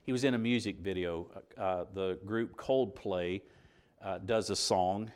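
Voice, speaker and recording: Man preaching in a halting, conversational way. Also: deep voice, a little mellow, clean tone. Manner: asks the listeners rhetorical questions; halting, circles back mid-sentence. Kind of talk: conversational sermon.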